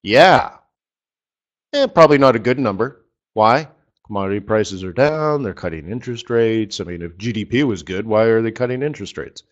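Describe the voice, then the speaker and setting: A man's voice: lowish voice, animated, normal speed, dull audio. A man coaching traders in a live webinar lesson, talking in a chatty, joking way and throwing out rhetorical questions. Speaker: forex trading coach.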